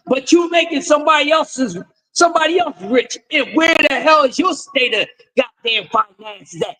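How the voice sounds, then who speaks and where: Male stream host, very high-pitched, profane lecturing rant. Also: pushed and bright, poor audio. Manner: profane, confrontational, lecturing with repeated refrains. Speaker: host of a boxing talk stream. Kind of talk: ranting commentary.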